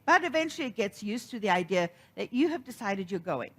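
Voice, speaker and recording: Animated woman preaching a sermon. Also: medium pitch, brisk, hardly any pauses. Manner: storytelling, animated, acts out quoted voices. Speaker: minister.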